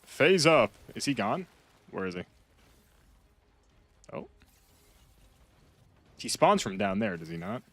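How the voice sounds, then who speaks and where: A man chatting casually while playing a game, rambling and repeating himself, with sudden loud outbursts. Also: medium pitch, very animated, takes it slowly, vocal fry, pauses often. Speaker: gaming streamer. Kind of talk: casual gameplay chat.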